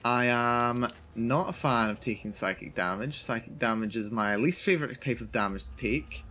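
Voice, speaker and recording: A man's voice: medium pitch, moderate pace, pushed and bright, slight background noise. A male streamer giving live commentary on a horror game, nervous and repeating himself as he narrates his own fear. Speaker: VTuber streamer.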